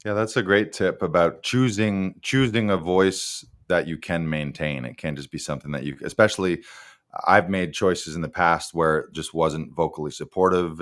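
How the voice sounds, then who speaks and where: Male host, low voice, easygoing, affirming, reads viewer comments between segments. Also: moderate pace, fairly bright tone. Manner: friendly, affirming, conversational. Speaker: talk show host. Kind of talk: casual live-show hosting, reading viewer comments.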